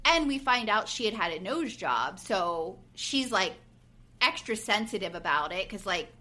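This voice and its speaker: A woman's voice: medium pitch, measured pace. A woman in her forties on a podcast, casually recapping a reality show and acting out what people said. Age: 40s. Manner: animated retelling, acting out quotes, frequent fillers. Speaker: podcast co-host.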